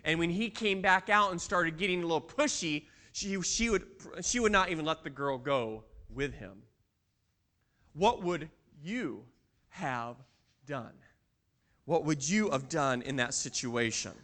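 A man's voice: a little high, animated, normal speed, few pauses, pushed and bright. A man preaching a sermon in a church, telling a story and asking the congregation questions. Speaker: pastor.

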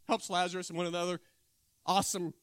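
A man preaching a sermon, retelling a scripture story with animated storytelling and emphatic bursts. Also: high-pitched, fast, smooth, no echo.

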